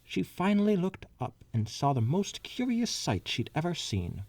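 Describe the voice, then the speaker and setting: Guy reading fanfic out loud, bouncy voice, dry close mic, stops to joke around. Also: fairly high pitch, sing-song, moderate pace, no room sound. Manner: reads with asides and stumbles. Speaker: co-host reading fanfiction aloud. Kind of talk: comedic dramatic reading.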